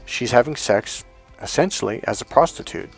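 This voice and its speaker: A man's voice: mid-range voice, animated, normal speed, vocal fry, slightly rough, faint music behind. A middle-aged man giving dating coaching and telling a personal story in an earnest, emphatic way, sometimes acting out what others said. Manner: earnest, emphatic, acts out quotes.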